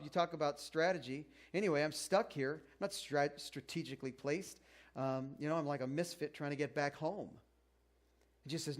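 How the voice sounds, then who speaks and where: A middle-aged man with a higher-than-usual voice delivers a sermon in a relaxed, conversational way. He keeps breaking into little acted-out voices of doubtful listeners before returning to his point. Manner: conversational, acts out listeners' excuses in quick asides. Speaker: pastor.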